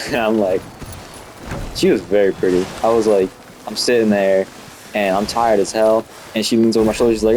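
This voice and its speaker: Rambling young guy with a low voice. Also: steady tone, normal speed, a little mellow, slight background noise. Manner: rambling, profane, full of fillers like "you know" and "like". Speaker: student gamer talking while playing. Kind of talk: casual rambling storytelling.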